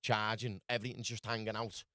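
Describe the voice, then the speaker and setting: A Scouse man from Liverpool spins a loose, rambling story as a podcast guest, dropping "lad" into nearly every line. His voice sits fairly low, and the sound is dry and close. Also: little pitch movement, a little fast, sharp tone, clean tone, no echo. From Liverpool, England. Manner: rambling, full of "lad" and "do you know what I mean". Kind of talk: casual storytelling.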